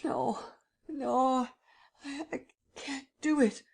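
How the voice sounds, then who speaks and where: A woman's voice: steady tone, very slow, gravelly, husky, heavily acted. A woman voicing a frightened young man who falters, stammers and sobs as he begs for his life in an audiobook. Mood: desperate pleading. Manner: high, faltering, stammering and sobbing.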